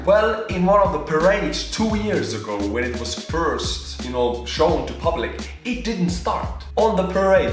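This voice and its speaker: Joking Estonian man in an echoey room. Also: medium pitch. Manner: joking, mocking, breaks into startled exclamations. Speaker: YouTuber reacting to videos. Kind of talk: reaction video commentary. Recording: very echoey room, mic at a distance, music behind.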